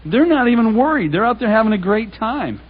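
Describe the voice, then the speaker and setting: Husky high-voiced man giving a talk. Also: a little fast. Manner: animated, conversational, paraphrases scripture in plain speech. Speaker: public speaker. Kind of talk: congregation talk. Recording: dull lo-fi recording.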